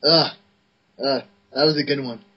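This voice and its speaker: A man's voice: mid-range voice, fairly even intonation, unhurried, breathy edge. A man co-hosting a casual podcast, crude and profane. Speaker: podcast co-host. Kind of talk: casual chat. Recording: dull lo-fi sound.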